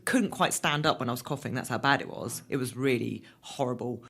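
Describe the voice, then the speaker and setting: A middle-aged woman as an interview guest, telling stories in a casual, animated way and laughing often. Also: extremely low pitch, brisk.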